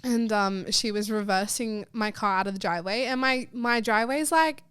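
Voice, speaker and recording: A young woman, co-hosting a podcast and telling stories in a lively way, acting out what others said. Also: medium pitch, normal speed, smooth. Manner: animated storyteller, acts out quotes. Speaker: podcast co-host. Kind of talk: casual storytelling chat. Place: podcast studio.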